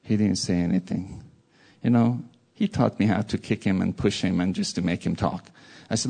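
A man preaching a sermon with a low, gravelly voice and a husky edge. His tone is dark and mellow, and he speaks earnestly, repeating words to drive a point home. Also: steady tone, moderate pace. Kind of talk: sermon with a personal story.

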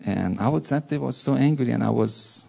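Gravelly, husky-voiced man preaching. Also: medium pitch, moderate pace, mellow. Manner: earnest, repeats words for stress. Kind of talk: sermon with a personal story.

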